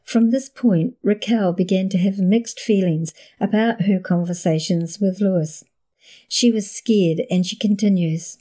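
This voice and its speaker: Warm-voiced woman narrating a scripted story. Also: mid-range voice, unhurried. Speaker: podcast host and narrator.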